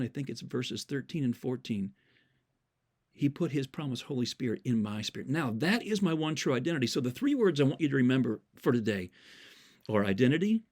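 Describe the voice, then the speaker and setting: An earnest man delivers a sermon-style message at an ordinary mid pitch. He repeats key words for emphasis and quotes scripture verses from memory as he tells stories. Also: a little mellow. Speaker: Christian speaker.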